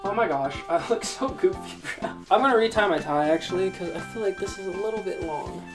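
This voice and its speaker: A man's voice: high-pitched, animated, brisk. Chatty teen guy over guitar music. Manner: chatty, goofy, acts out quotes with big jumps in voice. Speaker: podcast host. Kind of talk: casual storytelling. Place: loud location. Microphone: phone microphone. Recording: guitar music playing behind.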